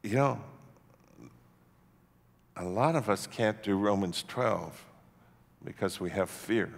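A man from Canada preaching a sermon as pastor, emphatic and swinging from hushed tones to shouting. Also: fairly low pitch, takes it slowly, vocal fry. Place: church sanctuary. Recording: long church-hall reverb.

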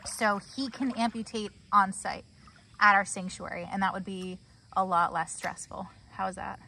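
A woman's voice: medium pitch, steady tone, creaky, bright, forceful tone, far from the mic, a little hiss or hum. A woman co-hosting a sanctuary vlog outdoors, telling stories in a talkative, run-on way. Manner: talkative, quick run-on storytelling. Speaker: sanctuary co-host. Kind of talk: casual vlog chat.

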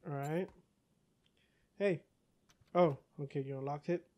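Excitable young man cursing over gameplay. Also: on the high side, a little slow. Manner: excitable, curses, talks back to game characters, yells in bursts. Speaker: gaming YouTuber. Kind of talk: casual let's-play commentary.

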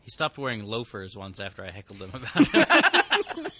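A man joins a casual podcast chat, teasing his friends with dry remarks. His voice is very bright with a lively melody at a middle pitch. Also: moderate pace.

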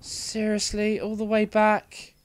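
Male streamer, slow-talking, smooth voice, curses and grumbles at the game. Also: sits high, completely flat delivery. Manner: frustrated, swears a lot, exasperated outbursts. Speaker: let's play streamer. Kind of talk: live gameplay commentary.

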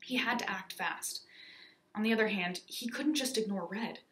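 A woman reads a children's adventure story aloud, lively and expressive. Her voice is mid-pitched. The sound has a noticeable room echo. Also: moderate pace, slight background noise. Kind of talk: storybook narration.

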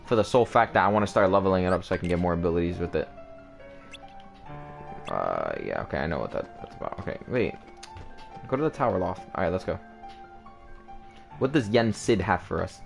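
Streamer man, excitable joker narrating his playthrough, very animated voice, game audio behind. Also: deep voice, a little fast, vocal fry, pauses often. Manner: joking, excitable, talks over cutscenes. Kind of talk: let's play commentary. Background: game music.

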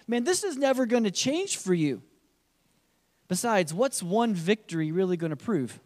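Male pastor, high-pitched, preaching sermon, reverberant hall sound. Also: lively intonation, moderate pace, a little mellow. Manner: preaching, voicing the taunts of a giant.

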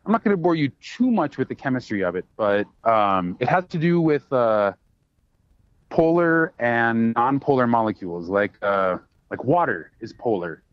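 A man talks shop as a bartender in a loose, rambling way, stacking fillers and restarts as he goes. His voice sits at an ordinary middle pitch. The sound is dry and a touch dull, with no room around it. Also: animated, moderate pace, no room sound. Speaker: bartender and podcast guest. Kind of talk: casual chat.

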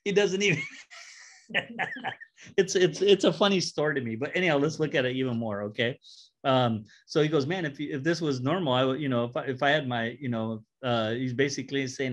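A man's voice: medium pitch, normal speed. A man teaching a Bible study, reading scripture aloud and stopping to joke and explain it in a casual way.

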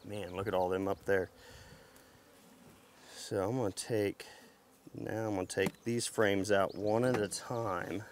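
A man vlogging outdoors as he works a beehive, talking to the camera in an excited, folksy way. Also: fairly low pitch, unhurried, pauses often, a little hiss or hum. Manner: excited, folksy, talks to camera while handling hives. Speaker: beekeeper vlogger. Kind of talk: casual outdoor narration while working. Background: buzzing bees.

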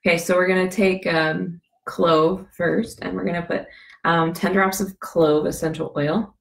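A woman with a scratchy, gravelly voice, giving a chatty how-to demonstration, rambling with many fillers and restarts. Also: fairly low pitch, flat delivery, unhurried, echoey room. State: scratchy voice from a cough. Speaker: essential oil demonstrator.

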